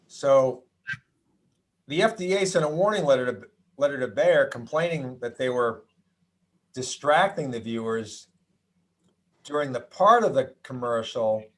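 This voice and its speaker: Middle-aged male doctor from the US presenting slides, chatty, wry, mid pitch, restarts often. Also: expressive, measured pace, pauses often, a bit bright. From United States. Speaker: doctor giving a health talk.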